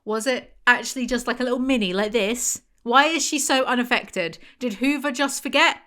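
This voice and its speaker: A woman's voice: a little high, moderate pace, pushed and bright. A woman chatting casually as a book reviewer, rambling and sarcastic, going off on tangents. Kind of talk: casual chat.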